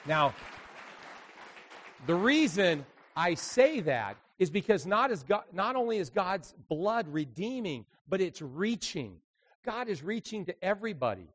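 Animated preacher man telling stories. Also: sits high, a little slow, some chatter behind. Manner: animated storyteller, swings between quiet asides and loud emphatic bursts. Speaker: evangelist preacher. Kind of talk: sermon with storytelling.

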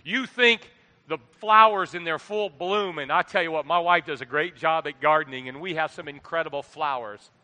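A middle-aged man preaching a sermon into a microphone, animated, swinging between quiet asides and loud exhortation. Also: a little high, normal speed. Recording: long hall reverb.

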